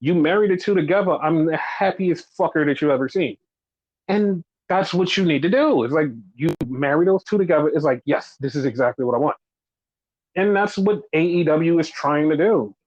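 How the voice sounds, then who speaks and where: A man's voice: fairly high pitch, moderate pace, darkish tone, dry recording. A man hosting a casual wrestling podcast, ranting in exasperation with lots of swearing and mocking imitations of fans. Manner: profane, exasperated ranting with mocking quoted voices. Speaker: podcast host. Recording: dull lo-fi dry sound.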